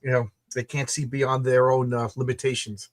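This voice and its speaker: A man's voice: medium pitch, level tone, normal speed. An American man co-hosting a casual livestream chat, enthusiastic and often repeating words as he thinks. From United States. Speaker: co-host of a comics show.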